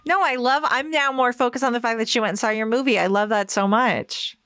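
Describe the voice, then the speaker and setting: A woman's voice: on the high side, brisk, fairly bright tone, clean tone, no room sound. A woman co-hosting a comedy podcast, teasing and tossing out playful questions in casual chat. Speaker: podcast co-host.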